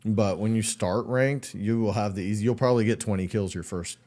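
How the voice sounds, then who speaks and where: A man co-hosting a podcast, explaining things plainly and getting animated when he tells a story. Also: lowish voice, brisk. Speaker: podcast co-host. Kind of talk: casual chat.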